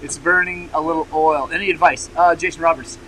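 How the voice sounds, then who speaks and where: Frank, rambling male vlogger, fairly high. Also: fairly even intonation, brisk, bright, forceful tone, a little hiss or hum, low-quality recording. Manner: frank and frustrated, many fillers and throat clearing. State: recovering from injury, wearing a brace. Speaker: motorcycle channel host. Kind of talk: casual rambling vlog chat.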